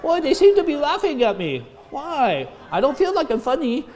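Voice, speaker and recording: A bewildered male missionary whines in a high, plaintive voice, as a speaker mimics him. He sounds baffled, unsure why nobody takes him seriously. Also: wildly swooping pitch, normal speed, a little mellow, some chatter behind, heavily acted.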